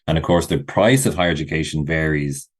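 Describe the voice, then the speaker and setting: A man's voice: a bass voice, a little fast. A middle-aged man speaking as a podcast guest, an associate professor explaining ideas thoughtfully and restarting phrases often. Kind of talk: podcast interview.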